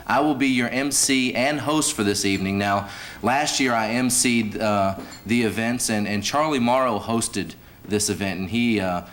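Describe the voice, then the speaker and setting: A lower-voiced man emcees an awards banquet from the podium. He talks in a folksy, animated way and leans into a joke with relish. A faint hum of the banquet hall sits behind him. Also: moderate pace. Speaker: host and emcee.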